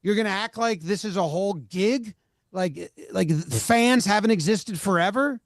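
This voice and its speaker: A man's voice: sits high, measured pace, dry recording, clean studio sound. Fired-up man ranting on a podcast. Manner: fired-up, exasperated, swears. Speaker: podcast co-host. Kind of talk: casual sports podcast chat.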